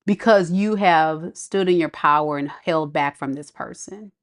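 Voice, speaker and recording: A woman's voice: low voice, a little slow. A woman giving a casual tarot reading, chatty, blunt and sassy with her viewers. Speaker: tarot reader.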